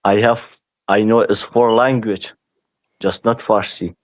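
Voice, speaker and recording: Persian-native male caller, broken slow English, dry sound. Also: fairly low pitch, fairly even intonation, dry recording. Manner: halting broken English, apologetic.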